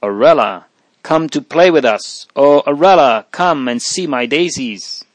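A small, cheerful little boy, as a man puts him on in a dry, close storybook reading. His voice lifts high and eager as he begs to keep playing. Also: animated, unhurried, no room sound, natural voice. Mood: pleading. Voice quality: raised eager childlike pitch.

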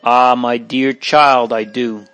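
A man reading aloud from an old memoir, voicing a dying elderly man who pleads in slow, hushed, fervent prayer. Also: mid-range voice, flat delivery, clean tone, no echo. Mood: pleading.

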